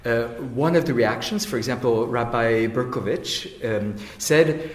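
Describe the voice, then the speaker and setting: A man's voice: mid-range voice, unhurried, hardly any pauses, reverberant. A man moderating a panel, asking probing questions in a hesitant way.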